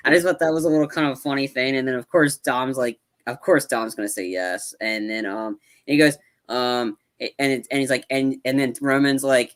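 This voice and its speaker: A man's voice: mid-range voice, moderate pace. A man co-hosting a podcast, chatting casually about a film, rambling with many restarts and acting out lines from scenes. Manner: rambling, acts out film lines in animated bursts. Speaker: podcast co-host. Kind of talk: casual movie review chat.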